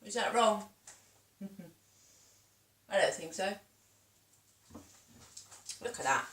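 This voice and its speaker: A woman's voice: mid-range voice, expressive, extremely slow, fairly bright tone. A British woman vlogging casually at home, chatting in a rambling way while cooking and tasting. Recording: echoey room, voice from a distance.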